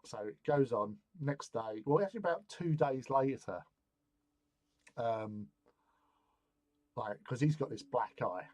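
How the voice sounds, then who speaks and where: A man's voice: mid-range voice, expressive, measured pace, long pauses, a little mellow, no echo. A man telling a loose, rambling anecdote in casual chat while hosting a hobby stream.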